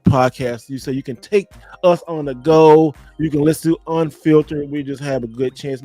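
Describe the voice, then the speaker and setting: Man, podcast host, casual chat, animated, acts out quotes, slightly high pitch. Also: no echo.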